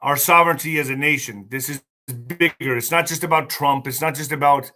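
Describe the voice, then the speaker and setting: A man hosting a political livestream, talking in an excitable, mocking, rambling way with many asides. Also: fairly high pitch, a little fast. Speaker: livestream host.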